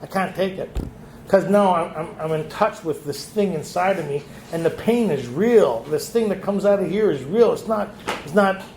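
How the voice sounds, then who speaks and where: High-voiced man telling his story. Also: vocal fry, noisy background. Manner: storytelling, acts out quoted dialogue. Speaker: retreat speaker. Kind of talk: recovery meeting share. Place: meeting hall. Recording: echoey room.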